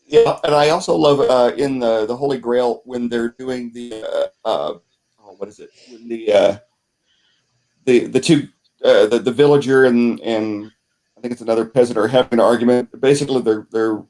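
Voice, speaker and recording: A man hosting a podcast who tells stories casually, rambling with many pauses and restarts. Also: medium pitch, darkish tone, poor audio. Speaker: podcast host. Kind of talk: casual storytelling chat.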